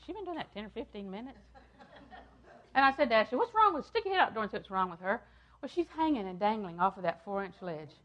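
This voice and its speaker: An older woman preaching a sermon, repeating phrases for emphasis and swinging from loud, emphatic lines down to hushed ones. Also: mid-range voice, muffled recording.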